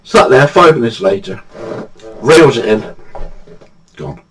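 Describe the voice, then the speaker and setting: A man's voice: medium pitch, animated, slow pace, a bit bright, breathy edge, faint music behind, rough recording. An older man from England, telling funny true anecdotes in a chatty, casual way and laughing at his own stories. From England, Badsey. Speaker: storyteller.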